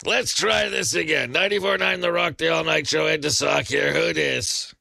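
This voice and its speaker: A man's voice: a little high, normal speed, creaky. A man hosting late-night call-in radio, firing off dry, sarcastic wisecracks at a caller. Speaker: radio host.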